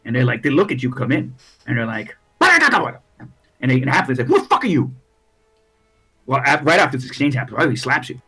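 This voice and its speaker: A man's voice: medium pitch, very fast, fairly bright tone, slightly rough, soft background music. A man running a tabletop game as dungeon master, narrating loosely with swearing and restarts.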